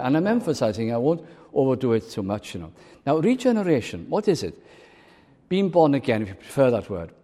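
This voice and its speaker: A man preaching a sermon in an emphatic way, swinging between strong declarations and quiet asides. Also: medium pitch. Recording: long reverb of a large hall.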